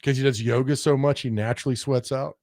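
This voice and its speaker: A man co-hosting a sports radio show, chatting casually and joking, often slipping into quick mocking impressions of other people. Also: medium pitch, steady tone, darkish tone, no echo.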